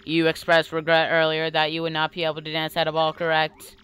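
Curious game computer, woman voicing, low, formal, precise. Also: monotone, a little fast, fairly bright tone, smooth. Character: polite male computer, curious about feelings.

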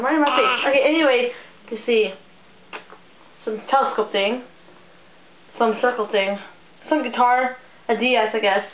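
A high-voiced teenage girl rants about her day straight into a webcam, stumbling and repeating words as she vents. The sound is thin and phone-like, with a boomy, echoey room. A steady hiss of noise sits under her voice. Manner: angry, rambling, repeats words. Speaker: vlogger. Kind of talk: casual ranting vlog.

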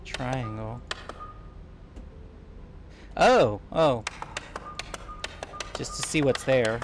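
A man's voice: mid-range voice, drawn-out words, background noise. A man playing a co-op game, explaining puzzles in a teasing, bossy way over voice chat. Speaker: gamer playing co-op. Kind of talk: casual gameplay chat.

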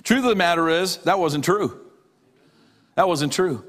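A middle-aged man, a pastor, preaching a sermon with emphatic repetition, dropping low on key lines. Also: lively intonation, measured pace, fairly bright tone.

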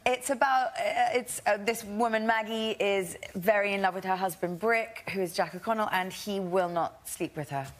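A woman guest on a talk show, telling stories in an animated, giggly way. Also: medium pitch, moderate pace, hardly any pauses. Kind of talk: casual anecdote.

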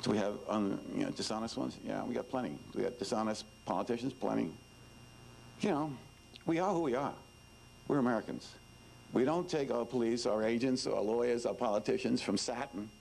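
A man's voice: mid-range voice, fairly quick, vocal fry, darkish tone, slight background noise, low-quality recording. A man, a former detective giving an informal talk to students, emphatic and repetitive, with many "you know"s. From New York. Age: 70s.

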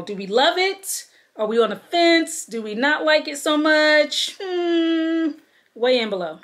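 A woman's voice: fairly high pitch, a bit bright. A woman vlogger, chatting casually and cheerfully to viewers from a room at home, laughing often. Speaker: lifestyle vlogger. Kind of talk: casual home vlog chat.

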